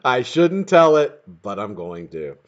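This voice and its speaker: Over dull, lo-fi webcam audio, a man hosts a live stream and chats casually at an unhurried pace in a medium-pitched voice. He's excitable and profane, laughs often, and shouts viewers' names to greet them.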